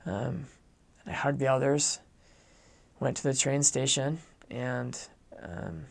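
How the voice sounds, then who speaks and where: A young man recounts a personal story from his missionary days with an earnest, heartfelt delivery. His voice has a gravelly edge and sits at an ordinary pitch. He often voices the other people in the story as he goes. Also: flat delivery, slow. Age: young adult. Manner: earnest, acts out quoted dialogue. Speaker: returned missionary.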